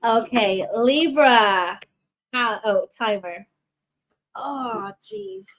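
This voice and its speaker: A woman with a somewhat high voice reads tarot cards for her viewers in a loose, chatty way. She rambles, restarts her sentences and drifts into asides. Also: a little slow, low-quality recording. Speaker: tarot reader. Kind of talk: casual tarot reading for viewers.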